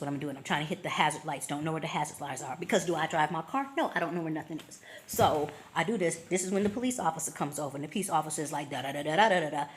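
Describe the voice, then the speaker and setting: Lively woman telling a story with sound effects. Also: deep voice, slight background noise. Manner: animated, acts out scenes with sound effects and voices; slangy and expressive. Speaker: travel vlogger. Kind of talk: casual storytelling.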